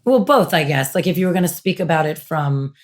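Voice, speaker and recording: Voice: medium pitch, lively intonation, brisk. A podcast host asking a guest curious, prompting follow-up questions in an interview.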